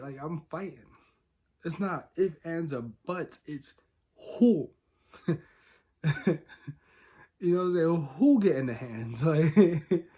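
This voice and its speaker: A young man hosting a solo podcast, talking casually and candidly, rambling with many fillers and swinging between quiet and loud. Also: on the high side. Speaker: podcast host.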